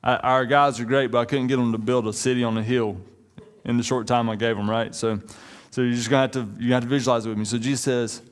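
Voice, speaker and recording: A pastor in his thirties with a drawl delivers a relaxed, chatty sermon. He jokes with the congregation and talks to them like old friends, at an ordinary middle pitch for a man. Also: fast talker, clear, resonant tone. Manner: conversational, joking, uses y'all.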